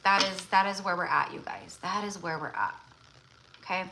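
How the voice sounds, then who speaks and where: A woman's voice: lowish voice, moderate pace, gravelly, sharp tone, a little hiss or hum, rough recording. A woman hosting a tarot-reading livestream. She chats casually and rambles, with lots of fillers and restarts. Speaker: tarot reader and livestream host.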